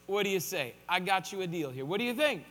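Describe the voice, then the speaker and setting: A man's voice: sits high, animated, fast talker, fairly bright tone, long reverb tail, voice pushed down. A man putting on a casual, offhand ancient king offering a deal.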